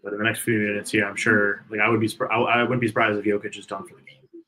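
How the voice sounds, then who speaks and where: A man's voice: on the low side, little pitch movement, fast talker, pushed and bright, slight background noise, low-quality recording. A man co-hosting a live game watch party, chatting loosely and calling out score updates. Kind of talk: casual live game chat.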